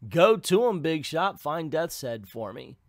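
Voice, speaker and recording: A man voicing a grand, scheming female sorceress villain in a high, theatrical tone. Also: sing-song, unhurried, no echo, studio quality. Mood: commanding.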